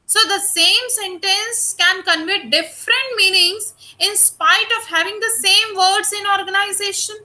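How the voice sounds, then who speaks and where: Woman, Indian English accent, teacher, online lecture, very bright tone, unhurried. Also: very high-pitched, low-quality recording. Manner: explains slowly, addressing students often.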